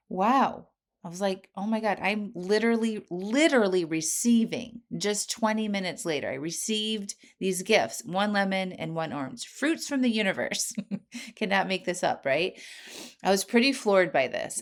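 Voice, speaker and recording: Animated woman podcast host, lowish voice. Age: 40s. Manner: animated and earnest, with frequent laughs and "right?" asides. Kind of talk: personal storytelling monologue.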